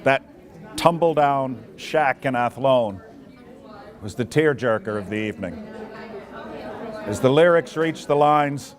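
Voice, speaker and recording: A man reads a personal memoir aloud at a mid pitch, his storytelling fond and reminiscing. A faint murmur of people carries behind him. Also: slow pace, pauses often, some chatter behind. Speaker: memoir reader.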